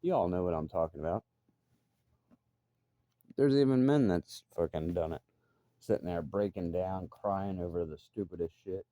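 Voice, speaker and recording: A man's voice: low voice, normal speed, long pauses, dark tone, no room sound, highs cut off. A middle-aged man ranting bluntly and profanely in a casual monologue. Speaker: vlogger.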